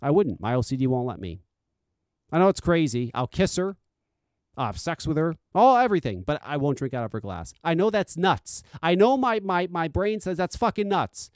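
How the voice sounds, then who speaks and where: Profane, animated man hosting a podcast. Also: a little high, moderate pace, dry recording, clean studio sound. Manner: blunt and profane, swings between loud insistence and quiet confiding. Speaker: podcast host. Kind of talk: casual solo podcast rant.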